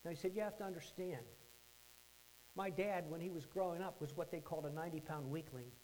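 A pastor with a high voice tells a story in a sermon, dropping to a hush and then rising loud. A faint hum runs underneath. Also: male voice, fairly quick, poor audio. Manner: dramatic storytelling, swings from hushed to loud.

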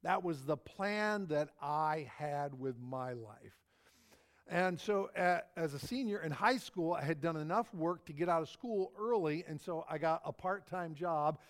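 A man's voice: fairly high pitch, unhurried. A middle-aged man preaching a sermon, telling a personal story in a folksy, anecdotal way and repeating his phrases. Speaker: pastor.

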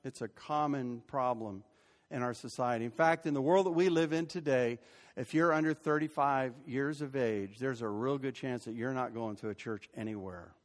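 A man's voice: mid-range voice, normal speed. An older man preaching a sermon as pastor, conversational and rising to emphatic peaks. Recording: long hall reverb.

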